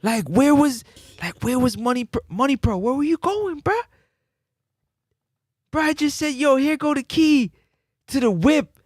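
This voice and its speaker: A man's voice: extremely high pitch, measured pace, long pauses, dry recording, clean studio sound. A man hosting a casual sports talk livestream, bantering with his chat. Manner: animated, banters with live chat. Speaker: sports talk show host.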